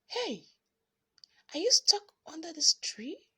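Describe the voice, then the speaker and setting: An eager young boy calls out to his sister, bright and lively. A woman reads his part in a storybook. He sounds steady and reassuring. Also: very high voice, takes it slowly, voice pushed up, full character voice. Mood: urgent. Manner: eager, calling out.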